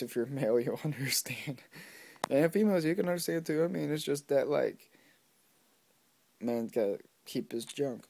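A man's voice: medium pitch, mellow. A man vlogging to camera, telling a joke in a rambling way and correcting himself as he goes. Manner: rambling, self-correcting, chuckles at his own jokes.

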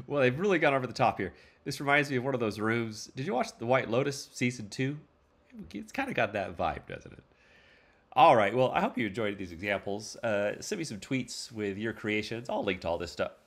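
A man's voice: medium pitch, lively intonation, moderate pace, fairly bright tone. A man hosting a casual tutorial, talking loosely and playfully with plenty of fillers and asides. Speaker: tutorial host. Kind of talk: casual screen-recorded tutorial.

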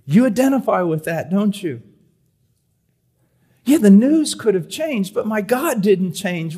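A middle-aged man preaching a sermon at a conference, moving between loud emphatic reading and soft, hushed pleading. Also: sits high, big pitch swings, a little slow, pauses often, slightly rough. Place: conference hall.

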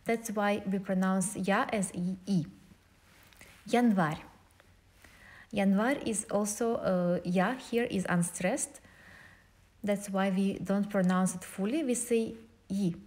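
A woman's voice: mid-range voice, fairly even intonation, a little mellow. A woman with a Russian accent, a native Russian speaker, teaching an online language lesson and carefully modeling pronunciations. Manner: methodical, spells out and models pronunciations slowly.

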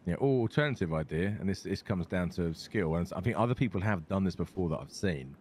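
A British man with a notably deep, low voice talks in character in a role-play game. He is matter-of-fact and swears casually, and his easy laugh shows through. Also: lively intonation, fast, darkish tone, slight background noise.

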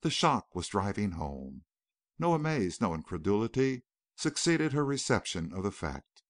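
A man narrates a novel in a dramatic, expressive style. His voice is on the lower side and swings widely in pitch. The sound is dry and close to the mic. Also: moderate pace, dry recording. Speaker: audiobook narrator. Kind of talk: scripted narration.

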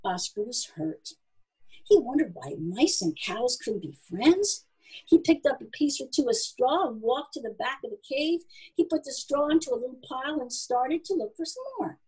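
Husky, expressive woman reading a story. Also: high-pitched, normal speed, poor audio. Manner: expressive, animated. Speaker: narrator.

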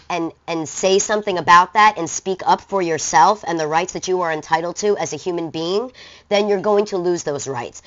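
A woman's voice: mid-range voice, a bit bright. A woman teacher giving a recorded lesson in a casual, conversational way with bits of slang. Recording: dull lo-fi recording.

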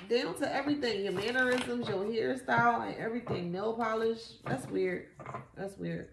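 A woman giving a casual tarot reading, animated and slangy, swearing often and repeating herself. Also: fairly high pitch, moderate pace, vocal fry, roomy sound, noisy background. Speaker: tarot reader.

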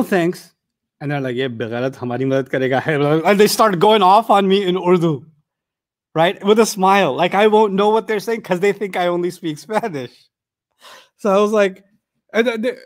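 A man's voice: high voice, normal speed, dry recording, studio quality. A middle-aged man giving a Quran lecture, telling stories in a humorous, conversational way. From Pakistan. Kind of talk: storytelling sermon lecture.

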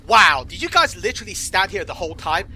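A man's voice: sits high, big pitch swings, a little fast, bright, forceful tone, slight background noise. A man giving comedic gameplay commentary in a sarcastic, profane, exasperated manner. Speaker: commentator voicing the player character.

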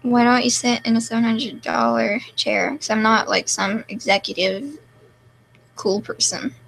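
A young woman streaming live, reading chat comments aloud and answering in a deadpan, self-mocking way. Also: a little high, unhurried, vocal fry, slight background noise, poor audio.

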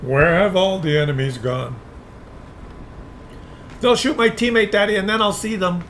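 A lost, needy little child keeps pleading for his daddy in a whiny, high voice, as a man puts him on. Loud game sounds sit right under the voice. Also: normal speed, a little hiss or hum.

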